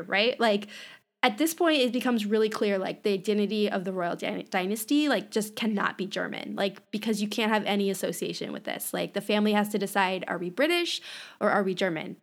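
A woman's voice: mid-range voice, vocal fry. Woman podcast co-host, chatty history explainer, loose filler-heavy delivery. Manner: explanatory, lively, many fillers like "you know" and "like". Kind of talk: casual history podcast chat.

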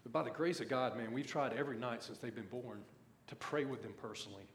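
A man's voice: mid-range voice, fast talker, reverberant, a little hiss or hum. A man in his thirties preaching a sermon, folksy and conversational, often saying "man" as he tells family stories. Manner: folksy, says "man" often, pulpit storytelling. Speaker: pastor.

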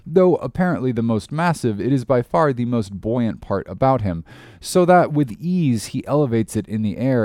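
A man's voice: medium pitch, no echo. Man reading a novel aloud, dry. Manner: measured, expressive reading. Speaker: audiobook narrator. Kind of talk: scripted narration.

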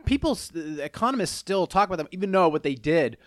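A man in a casual chat who talks in an animated way, swears freely and often restarts his sentences. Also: sits high, fast, no echo, studio quality.

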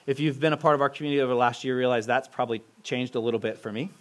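A young man, a pastor, giving a relaxed, joking sermon with lots of fillers and restarts, asking the congregation questions. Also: medium pitch, very fast. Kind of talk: casual sermon with audience interaction. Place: church hall. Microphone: handheld mic.

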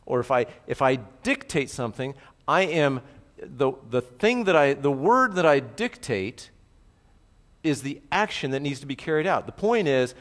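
Delivering an expository sermon, a middle-aged pastor moves through the text one verse at a time with an easygoing, chatty manner. Quick asides and frequent checks on whether listeners are keeping up punctuate his talk. A church hall's long reverb trails his mid-range voice.

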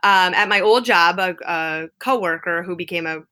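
A woman in her thirties, a guest telling a lively, dramatic story in casual conversation and acting out the quotes. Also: on the low side, normal speed.

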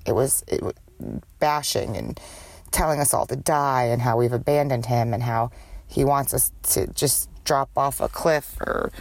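A woman's voice: very deep voice, darkish tone, no room sound. A woman hosting a candid solo podcast with a cold and a smoker's cough. She talks in a rambling, profane way and jumps from thought to thought. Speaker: podcast host.

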